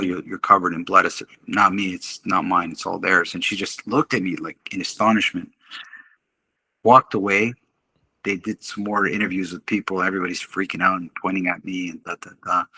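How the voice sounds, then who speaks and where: Bright, husky-voiced man telling a story. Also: sits low, dry recording. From Canada. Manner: animated storyteller who laughs often and acts out quotes. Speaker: podcast guest, martial arts instructor. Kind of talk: casual storytelling in an interview.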